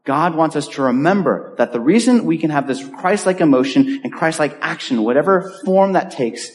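A man preaching a sermon in an earnest, conversational way, with pauses and restarts. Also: on the high side. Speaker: pastor. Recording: long hall reverb.

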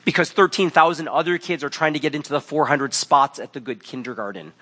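Male pastor, 30s, bright higher voice, wry conversational sermon delivery. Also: brisk. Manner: conversational, wry storytelling with acted quotes.

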